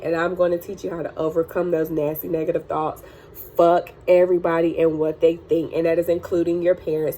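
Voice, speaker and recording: A woman's voice: lowish voice, warm tone, slight background noise. A young woman talking bluntly and with swearing in an emotional personal vlog, teary at times, about getting through hard times. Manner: blunt, profane, preachy, tearful at times. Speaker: crystal healing channel owner.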